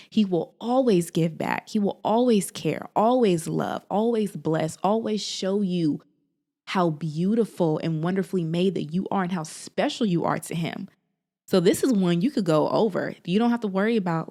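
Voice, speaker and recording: Sassy, animated woman vlogger. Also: on the low side, moderate pace. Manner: animated, sassy, sisterly, lots of laughs. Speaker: faith and lifestyle vlogger. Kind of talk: casual encouraging talk to camera.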